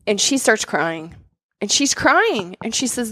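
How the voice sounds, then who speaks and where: Woman, doctor guest, animated talker, dry close-mic podcast sound. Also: on the high side, normal speed, no room sound. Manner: animated storyteller, many "like" fillers. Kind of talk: casual chat.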